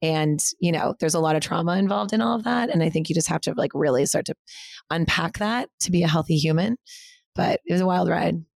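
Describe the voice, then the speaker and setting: A woman in her thirties with a slightly low voice, recorded close and dry on a podcast mic. She rushes through a personal story in a casual way. She leans on 'like' and 'right?' as she goes. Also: vocal fry, darkish tone, no room sound. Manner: rushing, heavy use of 'like'. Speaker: interview guest, studio co-founder.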